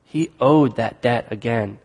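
A man's voice: medium pitch, measured pace, darkish tone. A man preaching a sermon in a large hall, conversational, joking and correcting himself as he reads and explains scripture. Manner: conversational, jokes and self-corrects. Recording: long hall reverb.

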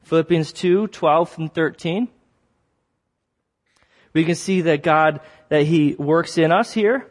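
Animated male preacher, fairly high voice. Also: slow pace, long pauses. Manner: animated storytelling, acts out shouts and exclamations; repeats key phrases for emphasis. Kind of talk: sermon.

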